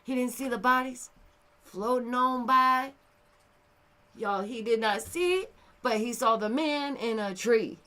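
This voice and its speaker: A woman's voice: on the high side, unhurried. Exasperated woman commentating. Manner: animated, exasperated, swings between loud outbursts and quiet somber asides. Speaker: commentary video host. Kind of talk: casual commentary.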